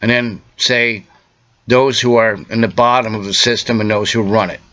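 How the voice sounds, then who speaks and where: A man's voice: fairly low pitch, fairly even intonation, fairly bright tone. Insistent man, lo-fi recording. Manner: insistent, urgent, lecturing, halting with fillers. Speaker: self-made video speaker. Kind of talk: direct-to-camera monologue.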